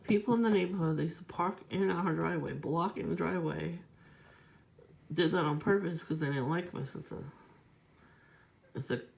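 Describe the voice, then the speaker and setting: A woman's voice: deep voice, normal speed, vocal fry, long pauses. A woman vlogger telling a long, aggrieved story in a rambling, profane, casual monologue.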